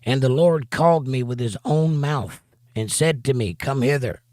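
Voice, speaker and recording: A man's voice: mid-range voice, normal speed, darkish tone, no echo, studio quality. A man teaching a Bible study, reading scripture aloud and breaking off for emphatic, rhetorical commentary. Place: home studio for a livestream.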